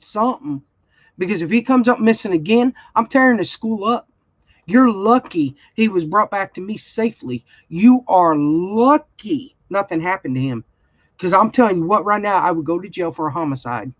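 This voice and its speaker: A woman's voice: mid-range voice, lively intonation, normal speed, dry recording. A woman, telling a story in a blunt, heated way during a casual livestream chat. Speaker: crafting channel host. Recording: dull, slightly lo-fi sound.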